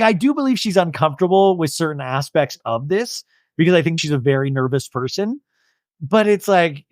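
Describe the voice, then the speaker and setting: A podcast host breaks down a reality episode with a comedian's bite, cursing freely and jumping in and out of quick impressions. His pitch swings widely, and the recording sounds dry and close, with no room around it. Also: dry recording. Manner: animated, swears, acts out quotes.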